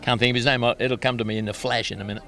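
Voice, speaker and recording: Older Australian guest, chatty storyteller, self-mocking, medium pitch. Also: male voice, steady tone, racing, sharp tone. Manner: chatty anecdotal, laughs at himself. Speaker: guest musician. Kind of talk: casual interview storytelling.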